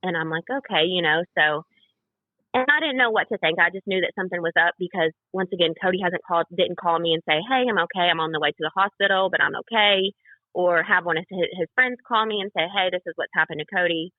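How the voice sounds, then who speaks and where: Talking at a quick pace in a fairly low voice, a young podcast guest recounts a personal story in a casual interview. There's no room sound, just a dry, tinny phone-like quality, and she rambles with many fillers while acting out others' words.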